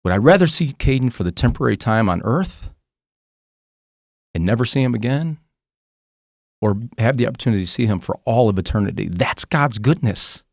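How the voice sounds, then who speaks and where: A man's voice: mid-range voice, animated, brisk, vocal fry, pauses often, darkish tone, no room sound, studio quality. A man telling his personal testimony as a podcast guest, earnest, raw and emotional.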